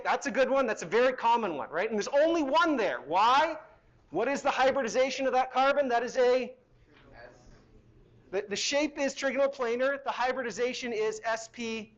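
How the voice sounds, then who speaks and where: A man's voice: extremely high pitch, a bit bright, dull audio. A middle-aged man teaching a university chemistry lecture in a hall, conversational and asking the class questions as he goes.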